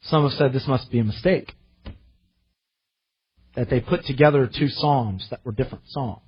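A pastor preaching a sermon in an earnest way, rising to impassioned readings of scripture. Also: male voice, mid-range voice, normal speed, breathy edge, lo-fi sound.

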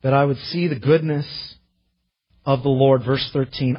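A pastor preaching a sermon in an earnest way, rising to impassioned readings of scripture. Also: male voice, mid-range voice, steady tone, normal speed, breathy edge, muffled recording.

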